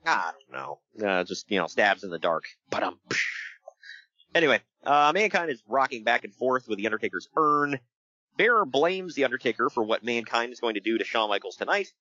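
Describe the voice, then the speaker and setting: Guy hosting a chatty podcast, bouncy animated voice, bright tone, kinda lo-fi sound. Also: mid-range voice, a little fast, no room sound. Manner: animated storyteller, laughs often, breaks into voices. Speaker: podcast host recapping wrestling. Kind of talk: casual chat.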